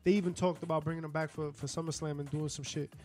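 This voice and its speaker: A man co-hosting a wrestling podcast, telling stories with laughs and swearing in a loose, animated way. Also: a little high, fast, a little hiss or hum. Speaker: podcast co-host. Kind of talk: casual wrestling chat.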